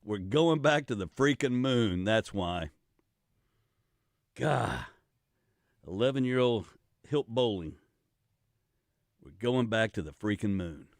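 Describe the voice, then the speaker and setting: A man's voice: on the low side, slow, long pauses, no room sound, clean studio sound, soft background music. An older man hosting a radio talk show, talking casually in a rambling way with many restarts. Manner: rambling, animated, with frequent restarts and laughs. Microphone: studio microphone.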